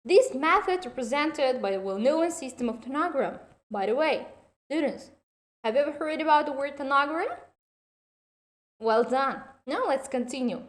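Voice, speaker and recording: A woman giving an online university lecture, speaking slowly and deliberately and addressing her students directly. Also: high voice, expressive.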